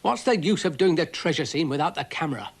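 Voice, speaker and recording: A man's voice: on the high side, expressive, fast, gravelly, slightly rough, voice pushed up, exaggerated voice. A British man voicing a pompous, grumpy male dog in a children's cartoon, talking in an exasperated way.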